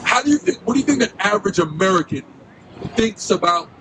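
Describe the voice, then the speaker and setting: A man's voice: high voice, lively intonation, fast. A man preaching outdoors on a city street, questioning passersby and repeatedly asking "right?". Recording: street noise and traffic.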